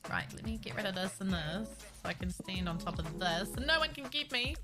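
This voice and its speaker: A young woman streaming a building game, chatting casually with viewers, giggly and excitable and reacting loudly to surprises. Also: medium pitch, brisk. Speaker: Minecraft streamer. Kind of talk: casual live-stream chat. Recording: faint music under the voice.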